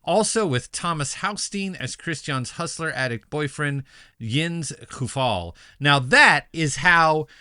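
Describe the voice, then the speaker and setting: Male co-host, animated and emotional, slightly high voice, dry close sound. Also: slow pace, smooth, no echo. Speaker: podcast co-host. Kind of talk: casual chat, reading a review aloud.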